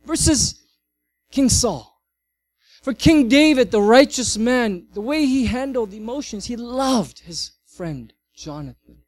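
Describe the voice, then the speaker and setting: A middle-aged male pastor giving a sermon, swinging from loud, emphatic passages to soft, quiet ones. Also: very high-pitched, slow, no echo. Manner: animated, varies loudness widely.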